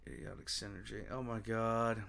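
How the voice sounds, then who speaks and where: A man's voice: on the low side, steady tone, moderate pace, creaky, a bit bright. A man hosting a casual reaction livestream, exclaiming a lot and chatting with viewers.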